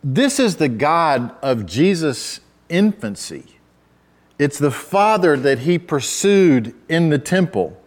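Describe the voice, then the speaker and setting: A man preaching a sermon in a conversational way, with self-deprecating asides and restarts, who rises to loud, emphatic cries when quoting scripture. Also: fairly high pitch, very animated, slow pace. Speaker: pastor.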